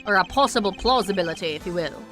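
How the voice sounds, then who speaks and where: A woman voicing a calm, pompous male prosecutor who lays out deductions in a measured, deliberate way. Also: medium pitch, soft background music, close to an everyday voice.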